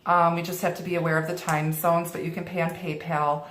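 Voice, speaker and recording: A woman's voice: on the low side, little pitch movement, fairly quick, fairly bright tone, a little hiss or hum. A middle-aged woman giving a tarot reading in a reassuring way, often repeating and restarting her phrases. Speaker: tarot reader. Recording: roomy echo.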